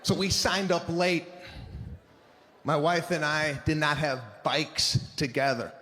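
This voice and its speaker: A middle-aged man doing a stand-up comedy set, telling stories in an exasperated, animated way and shouting his punchlines. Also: a little high, slow pace, slight background noise.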